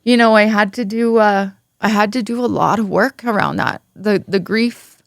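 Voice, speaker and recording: Gravelly-voiced woman telling her story. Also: medium pitch, dry recording, clean studio sound. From Ontario, Canada. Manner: frank, swears freely, halting restarts. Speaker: podcast guest. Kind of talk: candid conversational storytelling.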